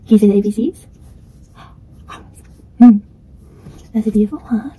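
A woman's voice: mid-range voice, moderate pace, mellow, husky. A mother at home coaxing her baby in repetitive, sing-song baby talk.

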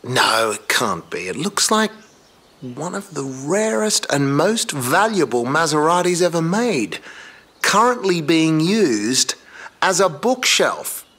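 A man's voice: on the high side, sing-song, moderate pace, pushed and bright, heavily acted. An actor playing an eager male car-hunting sidekick with an Australian accent, an awed and chatty car enthusiast in video game dialogue. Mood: excited.

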